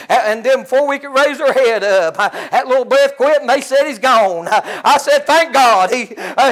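Older guy preaching in a country church, real high voice, stumbles on his uhs. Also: a bit bright, poor audio. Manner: impassioned and tearful, with many uh fillers.

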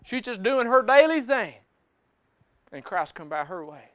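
A man's voice: very high voice, big pitch swings, measured pace. A man preaching a sermon in church, mixing personal testimony with scripture in plainspoken, folksy speech that repeats phrases for emphasis. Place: church service.

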